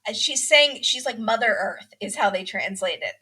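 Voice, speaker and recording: A woman hosting a podcast, chatting casually and telling a story with lively acted-out quotes. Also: mid-range voice, normal speed, slightly rough. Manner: animated storytelling, acts out quotes. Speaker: podcast host. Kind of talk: casual chat, recapping a reality show.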